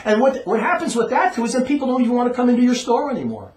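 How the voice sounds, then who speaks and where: A man's voice: very high-pitched, sing-song, racing, hardly any pauses, darkish tone. A man delivering a rambling, emphatic monologue, often repeating his words for emphasis. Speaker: monologue speaker. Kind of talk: ranting monologue. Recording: roomy echo.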